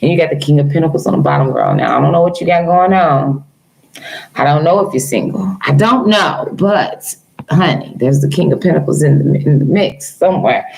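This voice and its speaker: A woman reading tarot on a casual live stream talks a little fast in a low, creaky, slightly mellow voice. She speaks affectionately to viewers with features, using "girl" and "honey," and the audio quality is poor.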